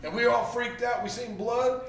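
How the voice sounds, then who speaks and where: A man hosting a podcast, telling lively anecdotes in a casual chat with many fillers. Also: extremely high pitch, normal speed, creaky. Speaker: podcast host. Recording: echoey room, far from mic.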